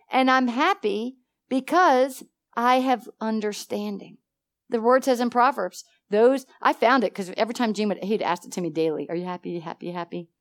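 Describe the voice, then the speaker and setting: A woman teaching a church Bible study with animated energy, laughing often and acting out conversations. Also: fairly high pitch. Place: church meeting room.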